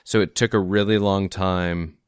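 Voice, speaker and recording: Deep-voiced laid-back man. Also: fairly even intonation, moderate pace, clear, resonant tone, no echo, clean studio sound. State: tipsy from drinking. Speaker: podcast co-host. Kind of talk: casual chat.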